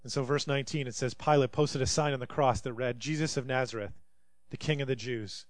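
Reading scripture a little fast in a medium-pitched voice with fairly even intonation, a preacher acts out the quoted speakers with dramatic flair. The audio has no echo.

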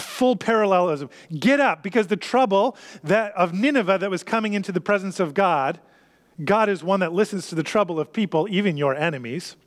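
A high-voiced male pastor preaching earnestly, building through repeated phrases and slowing down to land his points. His voice carries a long reverb from the church hall around him. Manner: earnest, repetitive preaching with slowed emphasis. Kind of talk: sermon.

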